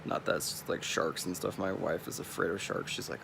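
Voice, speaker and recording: Gravelly-voiced Californian guy rambling. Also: low voice, steady tone, a little fast, noisy background. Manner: rambling, laid-back, chuckling. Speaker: streamer. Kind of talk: casual vlog monologue.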